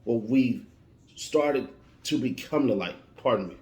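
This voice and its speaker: Man, motivational monologue, preachy and emphatic, mid-pitched voice, roomy echo. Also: measured pace, a little mellow. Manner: preachy, emphatic, repetitive warnings. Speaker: motivational speaker.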